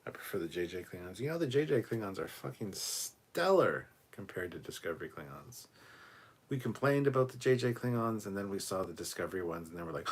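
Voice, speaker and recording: A man co-hosting a relaxed livestream chat from a room at home, reading viewer comments aloud and swearing freely. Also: sits low, a little fast, breathy edge. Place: home room cluttered with costumes.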